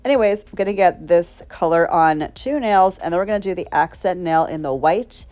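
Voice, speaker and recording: A woman's voice: lowish voice, moderate pace, a little mellow. A woman chatting through a nail tutorial in a bubbly, rambling way, talking straight to her viewers. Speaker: nail art creator.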